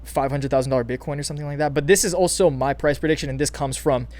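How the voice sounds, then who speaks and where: A man's voice: a little high, fast talker. Hyped young man talking crypto prices. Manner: excited, hyped, many fillers and restarts, calls viewers "you guys". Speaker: crypto channel host. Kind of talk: casual market commentary.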